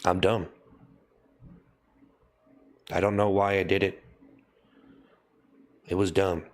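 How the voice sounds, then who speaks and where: A man live-streaming a mock-solemn apology, his voice sitting on the low side. He repeats the same confessions again and again in a deadpan way, talking to a webcam. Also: slow pace. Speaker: livestream host.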